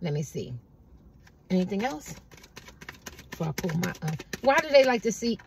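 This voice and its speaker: A woman's voice: mid-range voice, big pitch swings, moderate pace, creaky, darkish tone, slight background noise. A woman tarot card reader giving a casual collective reading, rambling and conversational and asking "you know what I mean" again and again.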